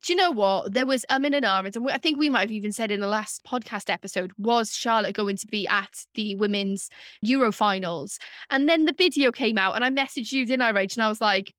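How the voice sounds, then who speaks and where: A woman's voice: medium pitch, a little fast, a bit bright, no echo, studio quality. A woman with a regional British accent co-hosting a podcast in casual chat, teasing and emphatic. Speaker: podcast co-host.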